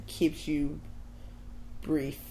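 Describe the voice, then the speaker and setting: Chatty young woman, lowish voice. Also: very slow, a crowd in the background, rough recording. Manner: animated storyteller, fillers like "like". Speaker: podcast co-host. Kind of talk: casual chat. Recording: faint background noise.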